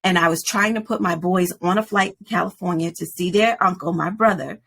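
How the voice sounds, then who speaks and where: Woman in her 40s with a gravelly husky voice, animated storytelling on a podcast. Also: on the low side, brisk. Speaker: podcast guest. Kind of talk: personal storytelling in an interview.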